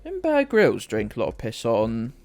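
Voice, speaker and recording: A British man chats casually to his viewers as he streams a game, rambling and joking at his own expense. His mid-pitched voice swings widely up and down as he talks, and faint music plays behind him. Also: wildly swooping pitch, normal speed, creaky, darkish tone, no echo. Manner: rambling, self-mocking, chatting to viewers. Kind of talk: casual live-stream commentary.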